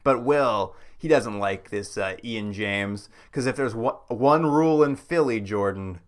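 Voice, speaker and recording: A man's voice: lowish voice, a little slow. A man co-hosting a podcast, recapping a TV show in casual chat with wry jokes and frequent laughs. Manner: wry, joking asides, laughs often. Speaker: podcast co-host.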